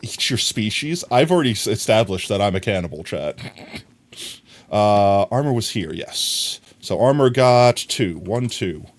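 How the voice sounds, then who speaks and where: A man's voice: on the low side, unhurried. A man, a streamer casually telling a rambling story to his chat and acting out other people's lines. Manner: rambling, animated, acts out voices in quotes.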